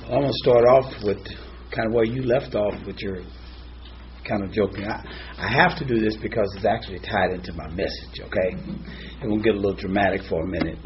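A man preaching a sermon, telling a joke story with quiet quoted voices and lively shifts in pitch. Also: a little fast. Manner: animated storyteller, voices soft and low for quoted lines. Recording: slightly dull with faint noise.

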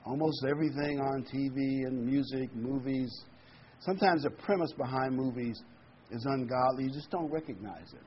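A man preaching a sermon, talking conversationally and slowing down to read scripture with emphasis. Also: mid-range voice. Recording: dull lo-fi recording with faint noise.

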